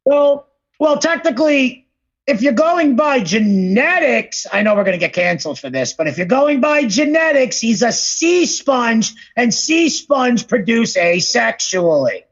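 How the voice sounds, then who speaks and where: A man's voice: extremely high pitch, very animated, a little slow, lo-fi sound. A man co-hosting a casual podcast chat, crude and rambling, now and then mimicking celebrity voices. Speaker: podcast co-host.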